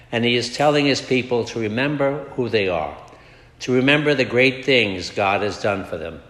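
A Redemptorist priest, a man, reading scripture and preaching a homily in a measured, deliberate way. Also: lowish voice, fairly bright tone. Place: large basilica. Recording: echoey church with long reverb.

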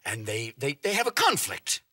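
Bright animated male kids' show host. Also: medium pitch, moderate pace, slightly rough, dry recording, studio quality. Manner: patient, animated explaining. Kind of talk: children's TV presenting.

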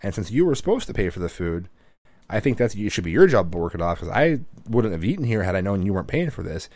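A man's voice: fairly low pitch, big pitch swings, fast, a little mellow, no echo. A man in casual chat, a father telling family stories and acting out what his kids said. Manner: storytelling, quoting family members. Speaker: podcast co-host, father.

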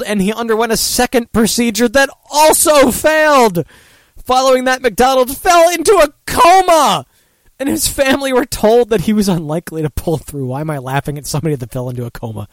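A man's voice: high voice, a little fast, no room sound. A man hosting a casual talk show, rambling and swearing freely while laughing at his own jokes. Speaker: host. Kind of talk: casual talk-radio banter.

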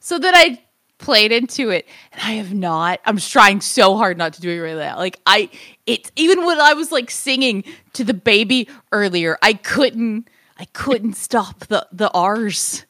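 A woman's voice: mid-range voice, lively intonation, unhurried, fairly bright tone, no echo, clean studio sound. A woman co-hosting a casual podcast chat, giggly and chatty, with lots of "like" fillers. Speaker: podcast co-host.

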